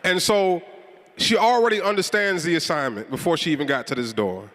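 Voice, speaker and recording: A man with a Chicago accent hosts a live assembly, pumping up the crowd with call-and-response shout-outs. His voice sits high and bright. It rings out through a large hall with a long echo. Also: fairly quick. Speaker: event host. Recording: reverberant hall.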